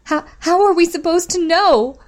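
A woman's voice: high-pitched, quick pace, pitched above the performer's own voice, lightly acted. A woman voicing a frightened female captive who stammers and pleads plaintively, in a storybook reading. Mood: scared pleading.

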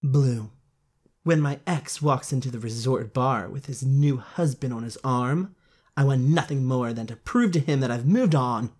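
Low-voiced joking woman podcast host. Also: unhurried, a little mellow. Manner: joking, reads summary aloud. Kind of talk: casual book-review banter.

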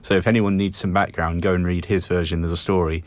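A man's voice: low-pitched, level tone, quick pace, no room sound. A man chatting eagerly and knowledgeably on a studio panel, often restarting his thoughts. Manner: enthusiastic, knowledgeable, trails off mid-thought. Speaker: film show panelist. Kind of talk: casual studio discussion.

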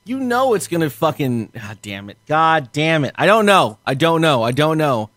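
A man's voice: a little high, sing-song, normal speed, fairly bright tone, no room sound, studio quality. A young man co-hosting a casual podcast, swearing often, laughing and acting out his own reactions. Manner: profane, laughing, acts out reactions. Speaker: podcast co-host.

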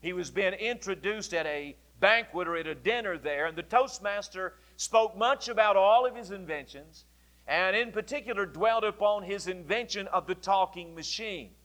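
Higher-pitched male pastor preaching. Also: a bit bright. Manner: deliberate, explanatory preaching with repeated phrasing. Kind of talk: sermon.

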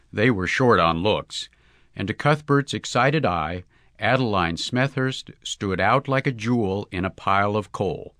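Man reading a short story, lowish voice, wry and measured, dry close sound. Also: a bit bright, no echo. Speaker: audiobook reader. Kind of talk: scripted narration.

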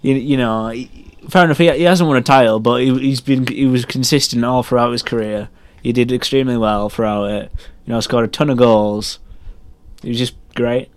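A man's voice: medium pitch, fairly even intonation, fairly quick, clean tone. A young man on a student radio show, making his point in a hesitant, stumbling way. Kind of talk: casual chat.

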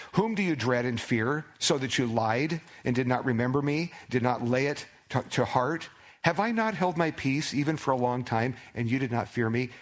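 A man preaching a Bible sermon in a conversational way, speaking God's words aloud with rising emphasis. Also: mid-range voice. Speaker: pastor.

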